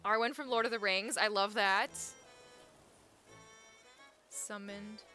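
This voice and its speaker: A young woman chatting casually with her viewers as a live streamer, chatty and quick to get excited, laughing often. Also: medium pitch, faint music behind.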